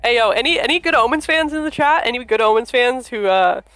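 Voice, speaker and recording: A woman streaming a game, reacting excitably with loud outbursts and laughter. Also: fairly high pitch, fairly quick. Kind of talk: casual reactive commentary.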